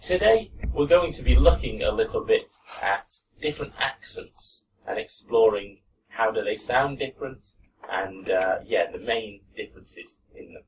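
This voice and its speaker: A man teaching a pronunciation class to students in a classroom, relaxed and encouraging. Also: lowish voice, measured pace, slight background noise. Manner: relaxed, encouraging, demonstrates sounds. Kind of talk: classroom lesson. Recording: distant mic in a classroom.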